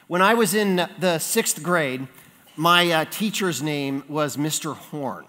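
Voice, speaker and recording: A man preaching a sermon, telling a childhood story in an animated way and acting out the voices in it. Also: fairly high pitch, slow pace. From California. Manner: animated storyteller, acts out voices in his anecdotes. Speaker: pastor. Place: church sanctuary. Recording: long reverb of a church sanctuary.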